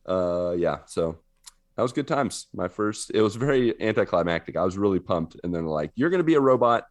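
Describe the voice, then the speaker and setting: A man with a very low, deep voice co-hosting a casual podcast chat. He tells his stories with animation and laughs often. The sound is close and dry, with no room around it. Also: lively intonation, normal speed, a little mellow, dry recording. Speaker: podcast co-host.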